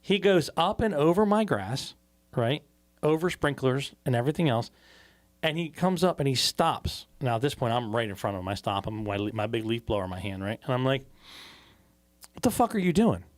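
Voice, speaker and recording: A man co-hosting a podcast, telling a profane story in a casual, animated way. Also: mid-range voice, brisk. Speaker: podcast co-host. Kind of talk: casual chat.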